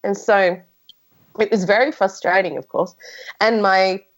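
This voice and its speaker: A woman talks as a podcast guest, frank and open as she tells her own story. She often restarts her sentences and uses fillers. Her voice sits at an ordinary middle pitch. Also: fairly even intonation, unhurried, low-quality recording. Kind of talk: casual conversation.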